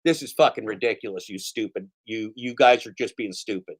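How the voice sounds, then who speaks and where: A man's voice: lowish voice, a little fast, husky. A man ranting angrily and profanely in commentary, repeating himself and mocking the people he calls out.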